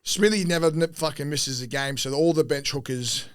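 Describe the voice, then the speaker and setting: A man's voice: fairly high pitch, moderate pace. A man, a former rugby league player, telling rambling, profane stories in a casual podcast chat, often laughing mid-sentence. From Australia.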